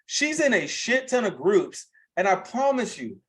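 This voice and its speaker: A man's voice: sits high, sing-song, a little slow, low-quality recording. Blunt, profane young man on a call. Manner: blunt, profane and chatty, saying bro and okay a lot. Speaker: host of a live coaching call. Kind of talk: casual coaching talk. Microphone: video call.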